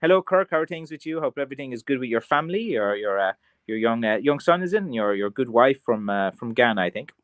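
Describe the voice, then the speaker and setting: An Irish man chats through a livestream, wandering from thought to thought with plenty of ums and restarts. His voice sits at an ordinary middle pitch and sounds dry, with no room echo. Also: lively intonation, fast talker. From Ireland. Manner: rambling and chatty, many fillers and restarts. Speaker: craft seller hosting a livestream. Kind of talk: casual livestream chat, reading viewer comments.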